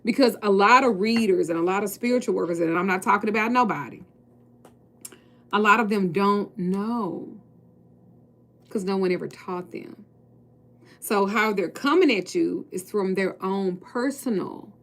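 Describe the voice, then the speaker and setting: A woman's voice: medium pitch, moderate pace, a bit bright. Blunt, preachy woman tarot reader. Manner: blunt, preachy, swears freely. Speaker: tarot reader and spiritual coach. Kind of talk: casual talk to viewers.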